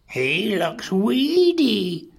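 A man voicing a big, dim-witted mother Tyrannosaurus in a storybook, in a drawn-out singsong. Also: high-pitched, big pitch swings, vocal fry, slightly rough, pitched above the performer's own voice, exaggerated voice. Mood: grumbling.

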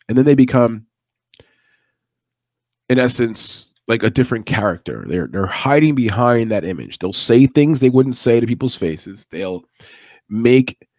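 A man's voice: medium pitch, a little mellow, no echo, studio quality. A man hosting a late-night MMA podcast, talking in a chatty, opinionated, rambling way with asides. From United States East Coast. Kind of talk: casual live-stream commentary.

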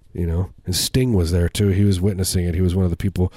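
A man's voice: sits low, dark tone, breathy edge, no room sound. A man co-hosting a remote comedy podcast, spinning absurd rambling stories with many restarts. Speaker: podcast co-host. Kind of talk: improvised comedy chat. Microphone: remote recording setup.

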